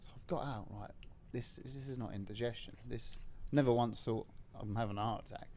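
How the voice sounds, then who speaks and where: Lively, swearing storyteller, man. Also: medium pitch, brisk, a little hiss or hum. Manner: animated, swearing, laughing retelling. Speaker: podcast guest. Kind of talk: casual storytelling.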